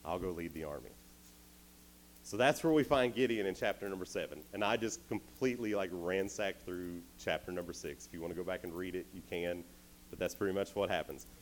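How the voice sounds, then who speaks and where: A man's voice: sits low, a little fast, slight background noise, poor audio. A man preaching to teens, retelling a story casually and acting out the characters' lines. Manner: animated, acts out characters in quotes. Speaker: youth speaker. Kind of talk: youth sermon, casual storytelling.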